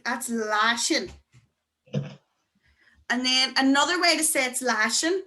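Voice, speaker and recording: A woman teaching to beginners over a video call, chatty and encouraging, slowing down to pronounce words. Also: sits high, expressive, sharp tone. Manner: chatty, encouraging, slow deliberate pronunciation. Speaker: Irish language teacher. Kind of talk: online beginner class.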